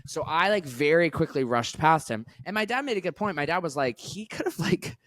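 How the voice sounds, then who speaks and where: A young man with a slightly high voice tells a chaotic story with lots of laughter and sudden jumps in pitch. He is a casual podcast co-host, and the sound is close and dry. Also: a little fast, dry recording. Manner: animated, laughing, swoops high when excited.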